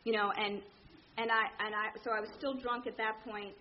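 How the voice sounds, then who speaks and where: A woman telling her recovery story to a meeting, candid and animated, acting out the people in it. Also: a little high, normal speed, highs cut off, slight background noise. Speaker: speaker sharing at a recovery meeting. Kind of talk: personal story told to a meeting.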